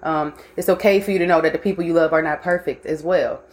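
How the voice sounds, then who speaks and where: A woman's voice: deep voice, steady tone, quick pace. A young woman hosting a casual livestream, blunt and profane, mixing life lessons with frequent laughter. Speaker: host.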